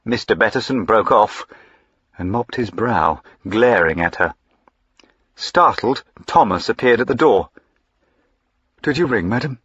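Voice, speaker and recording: A man reading a classic novel aloud as an audiobook narrator, in a measured, expressive storytelling manner. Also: on the low side, breathy edge, no room sound, dull audio.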